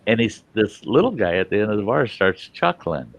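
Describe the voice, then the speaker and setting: A man's voice: on the low side, very animated, normal speed, creaky, dry recording, rough recording. A man telling a rambling, profane anecdote in a casual, chuckling way, as the host of a storytelling show.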